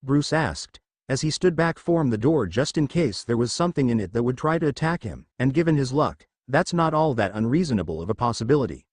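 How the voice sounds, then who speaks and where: Guy reading fan fiction out loud, lots of pitch movement, dry close sound. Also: a little fast, few pauses, no echo. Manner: even reading with asides on spelling. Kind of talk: reading a fan story aloud.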